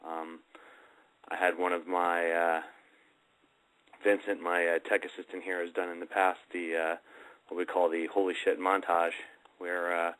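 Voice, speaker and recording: A man's voice: low-pitched, little pitch movement, unhurried, pauses often, fairly bright tone, smooth, rough recording. A man hosting a paranormal radio talk show, speaking casually with many fillers as he rambles.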